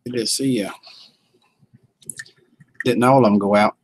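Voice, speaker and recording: Man, livestream host, husky voice, folksy and easygoing, reads out the chat as he talks. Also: fairly low pitch, steady tone, a little slow, poor audio. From Southern United States.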